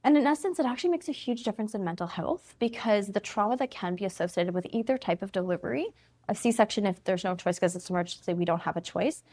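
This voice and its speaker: A woman's voice: medium pitch, lively intonation, quick pace, darkish tone. A woman in her thirties, a family physician from Canada, explaining things in an interview conversation and laughing easily.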